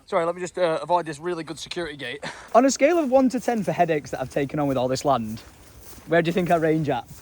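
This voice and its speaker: Lively chatty vlogger, man. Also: on the high side, fast. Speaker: vlogger, new landowner. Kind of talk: casual vlog chat. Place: outdoors by a canal.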